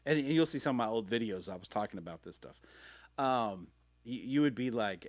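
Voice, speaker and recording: On a podcast mic, a middle-aged host recounts his personal story, his mid-range voice expressive and fairly quick. The telling is rambling and slangy, with free swearing and acted-out quotes.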